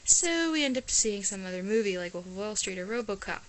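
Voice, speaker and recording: A woman's voice: medium pitch, lively intonation, brisk, rough recording. A teenage girl from Ohio, an exchange student chatting casually to her camera in a rambling way, full of "like" and restarts. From Ohio, USA. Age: teens. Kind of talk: casual chat.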